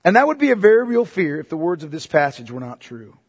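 A man preaching a sermon as pastor, emphatic and repetitive, swinging between loud and hushed delivery. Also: on the high side, very animated, quick pace, slightly rough, big-room sound.

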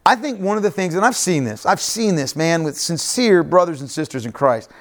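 Male pastor, mid-high voice, animated sermon delivery, chatty and repetitive. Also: a little fast. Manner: conversational preaching, frequent "right?" asides and repeated phrases.

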